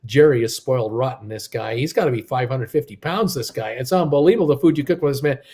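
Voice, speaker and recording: Warm in tone, medium in pitch, and fast, this voice belongs to the host of a casual live cruise news stream at his Creston home. He rambles upbeatly and jokes through viewer comments while talking to his wife off-mic.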